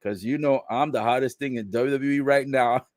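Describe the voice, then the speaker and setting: A man giving a casual live recap of a wrestling show, relaying what is said in the ring and reacting with laughs and loud exclamations. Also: mid-range voice, fairly even intonation, normal speed, no room sound, clean studio sound. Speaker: live wrestling watch-along commentator.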